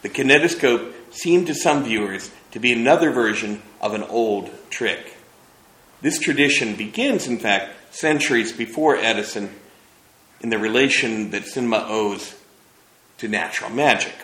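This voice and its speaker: A man's voice: medium pitch, moderate pace, bright, forceful tone, echoey room, poor audio. A man giving an academic lecture about slides, thoughtful and hesitant, with many fillers.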